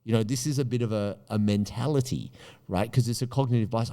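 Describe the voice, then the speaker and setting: A man hosting a podcast, talking in an emphatic way and jumping up high in pitch for punchy questions. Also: brisk, dark tone. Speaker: podcast host. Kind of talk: animated podcast monologue.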